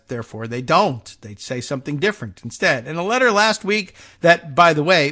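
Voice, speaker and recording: A male podcast host giving political commentary in a sarcastic, rambling way. He keeps restarting his sentences as he works through a point. His voice sits slightly high for a man. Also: pushed and bright. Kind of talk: political commentary talk show.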